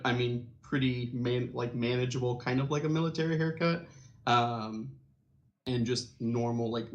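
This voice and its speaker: A young man plays in a tabletop game, describing his character. He talks in an ordinary mid-range voice, hesitating and stuffing his sentences with fillers. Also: mid-range voice. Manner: halting, full of "like". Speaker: player.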